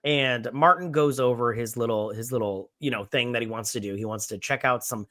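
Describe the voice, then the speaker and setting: Guy on a drunk movie review podcast, loud and goofy, acts out the scenes, bright voice, dry room. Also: medium pitch, fairly quick, dry recording. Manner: animated, acts out characters' lines, swears freely. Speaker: podcast co-host.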